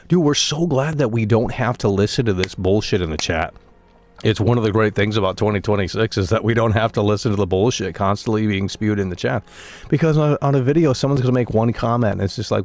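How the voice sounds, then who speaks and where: A man's voice: on the low side, brisk, a little mellow. A young man ranting at his live-stream chat, swearing often and repeating himself. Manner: ranting, profane, repetitive.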